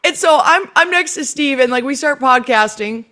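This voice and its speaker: Animated swearing woman telling a story. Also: sits high, normal speed. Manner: animated storyteller, swears freely, acts out quotes. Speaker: podcast guest. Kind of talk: casual chat.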